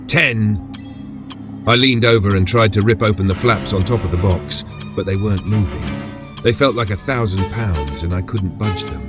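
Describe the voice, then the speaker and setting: A male horror storyteller with a low voice, reading in the first person at a measured pace. Music plays beneath the narration. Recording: background music under voice.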